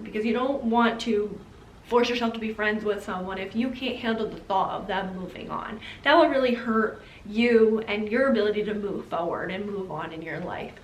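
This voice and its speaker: Woman giving earnest breakup advice. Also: on the high side. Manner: earnest, direct, second-person advice. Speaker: advice vlogger. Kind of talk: casual advice vlog. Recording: roomy with faint background hiss.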